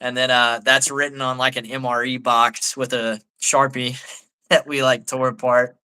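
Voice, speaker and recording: A man's voice: medium pitch, level tone, moderate pace, bright, forceful tone, smooth. A man, an army staff sergeant, telling a story in a laid-back way as a guest on a live talk show, with lots of "like". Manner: laid-back, peppers speech with "like".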